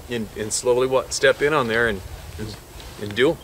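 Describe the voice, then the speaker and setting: A man who works as a hunting guide tells a tense story in a vivid, excitable way, laughing often between phrases and swearing casually. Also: mid-range voice, normal speed, noisy background. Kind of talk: animated storytelling. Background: music.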